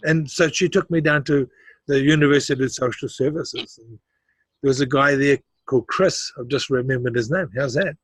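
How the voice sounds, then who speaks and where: A man's voice: mid-range voice, normal speed, fairly bright tone, breathy edge, no room sound. A middle-aged man, a guest in a casual interview, telling his life story with animation, acting out the voices of others and laughing often.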